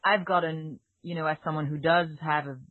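A woman's voice: low voice, fairly even intonation, no echo. French woman on a tinny line. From France. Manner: halting, many restarts and fillers. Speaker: podcast co-host. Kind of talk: casual chat. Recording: tinny phone-like line, dry.

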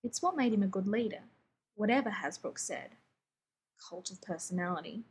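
A woman reading a story aloud in a wry, even way. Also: medium pitch, a little slow, long pauses, husky, low-quality recording. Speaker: reader.

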